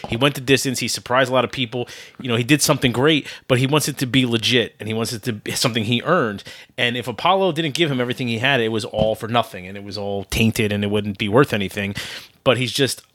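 A man's voice: medium pitch, a bit bright. A man co-hosting a podcast, rambling and losing his train of thought. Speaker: podcast co-host. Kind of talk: casual podcast chat.

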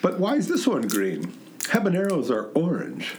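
A man's voice: on the high side, wildly swooping pitch, normal speed, a little hiss or hum. A man co-hosting a casual podcast, joking and laughing often while his mouth burns from hot sauce. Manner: jokey, laughs often, teasing. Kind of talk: casual chat.

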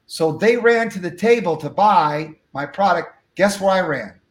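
A man telling a story from his life as an interview guest, acting out the dialogue with lively energy. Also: sits high, unhurried, echoey room. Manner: animated, acts out dialogue. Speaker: guest speaker.

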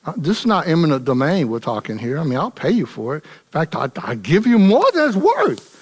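A greedy king, acted by a man preacher, haggles in a casual, wheedling way. He leans on his buyer and sounds lively and high for a man. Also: brisk, slightly rough, full character voice. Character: greedy, sulky ancient king.

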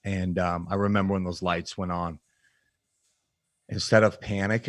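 A man, a podcast guest, frankly telling his life story in a reflective, halting way with plenty of fillers. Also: low-pitched, flat delivery, no room sound. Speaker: podcast guest, nutrition coach. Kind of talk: candid personal storytelling in an interview.

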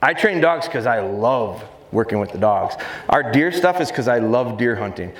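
A man who trains dogs, giving a live seminar and talking fast and jokingly with the crowd in a large hall. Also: medium pitch, animated. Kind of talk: live seminar talk to an audience. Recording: roomy live hall sound, faint noise.

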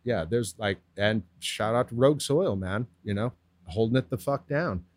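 A man guesting on a podcast tells stories in a laid-back, slang-heavy chat with lots of swearing. His voice is fairly low in pitch at a moderate pace, without echo.

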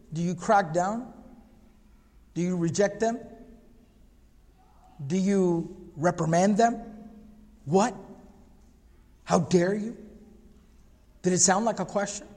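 A man with a fairly high voice teaches a religious lecture class, pressing his points home by repeating phrases and firing off rhetorical questions. He slips Arabic phrases into his speech, and a long reverb trails each line as if he were in a large hall. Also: slow, long pauses, a little mellow. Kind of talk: lecture class on prophetic biography.

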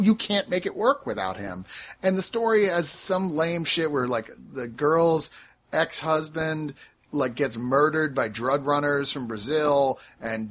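Animated man recapping films. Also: fairly high pitch, husky. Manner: animated, wry storytelling with frequent laughs. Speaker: podcast co-host. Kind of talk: casual movie review chat.

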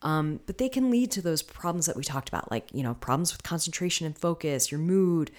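Low-voiced chatty woman podcast host. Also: lively intonation, a little fast, a little mellow. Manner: chatty, coaching, often checks in with listeners. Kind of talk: casual solo podcast talk.

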